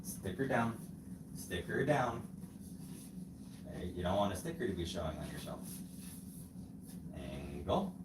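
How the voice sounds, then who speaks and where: This low-voiced middle-aged man from the United States sounds very animated yet a little slow, pausing often as he coaches his wife through a build and ribs her in relaxed livestream banter. He's her husband and co-host, and the noisy home stream sounds reverberant.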